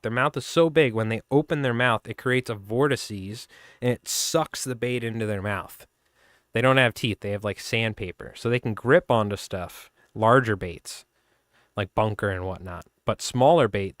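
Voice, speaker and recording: A man's voice: fairly low pitch, no room sound, studio quality. A man with a Long Island accent hosting a fly tying livestream, telling rambling fishing stories and laughing along the way. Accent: Long Island New York. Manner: rambling, laughing, animated storyteller. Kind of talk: casual storytelling chat.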